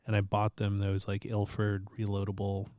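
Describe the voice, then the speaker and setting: Animated, swearing man telling stories. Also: fairly low pitch, moderate pace, no echo, studio quality. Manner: animated storyteller, swears, laughs often. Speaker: podcast host. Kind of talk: casual chat.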